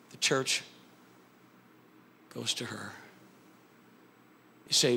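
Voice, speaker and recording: A middle-aged pastor preaching a sermon in a church, building to loud shouted peaks. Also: male voice, mid-range voice, takes it slowly, vocal fry, pauses often, a little hiss or hum. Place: church sanctuary.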